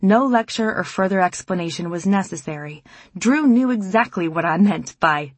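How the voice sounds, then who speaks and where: Husky-voiced woman reading an audiobook. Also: mid-range voice, animated, no echo. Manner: measured, reflective reading. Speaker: audiobook narrator and mother. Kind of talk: scripted audiobook narration.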